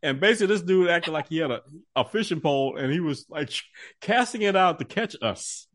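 A man co-hosting a podcast, telling stories in animated, casual chat and laughing often. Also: on the high side, fairly quick. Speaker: podcast co-host.

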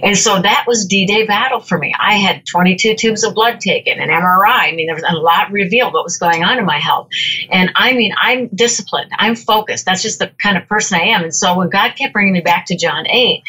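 A woman's voice: medium pitch, fairly quick, bright, forceful tone, slightly rough, poor audio. A middle-aged woman sharing an earnest personal faith testimony as a podcast guest. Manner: earnest, storytelling. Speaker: podcast guest, author and speaker.

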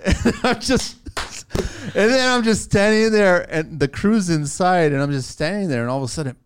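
A man hosting a podcast, casually telling a lively story with frequent laughs and loose swearing. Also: sits high, normal speed, clean tone. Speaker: podcast host.

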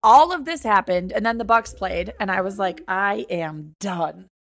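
Young woman with a gravelly voice. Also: mid-range voice, fairly quick. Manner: animated retelling, acts out both sides of quoted dialogue. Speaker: podcast co-host. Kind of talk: casual storytelling chat.

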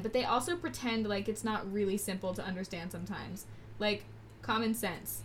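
Blunt, opinionated young woman, slightly high. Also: normal speed, slight background noise. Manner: blunt, opinionated, laughs often. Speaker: co-host answering trivia. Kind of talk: casual chat.

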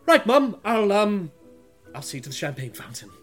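A man's voice: sits high, very animated, moderate pace, a bit bright, pitched above the performer's own voice. Man doing a nervous young serving boy. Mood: flustered. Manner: hesitant, deferential. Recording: background music.

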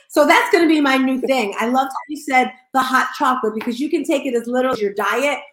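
High, lively woman host in an echoey room. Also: fast talker, few pauses. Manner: upbeat and exclamatory, shouts for emphasis. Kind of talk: casual panel chat. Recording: roomy echo.

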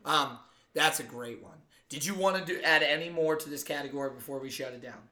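A man's voice: a little high, brisk, bright, forceful tone, reverberant. A man co-hosting a podcast, joking and swearing, pushing his opinions hard. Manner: joking, profane, emphatic opinions. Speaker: podcast co-host. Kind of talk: casual chat.

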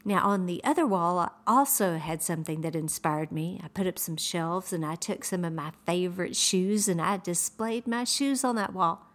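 A woman hosting a faith-based inspirational podcast, speaking in an upbeat, encouraging way with soft whispered asides. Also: lowish voice, normal speed, hardly any pauses. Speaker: podcast host. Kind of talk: inspirational devotional talk.

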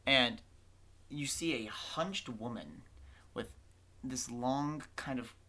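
A woman's voice: very deep voice, takes it slowly, pushed and bright. A woman running a tabletop game as game master, narrating in a loose, chatty way with many fillers and self-corrections.

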